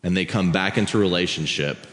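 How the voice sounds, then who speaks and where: A man with a very low voice reads scripture and preaches a sermon. He keeps a steady, measured pace, and his words ring out with a long reverb through a church hall. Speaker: pastor.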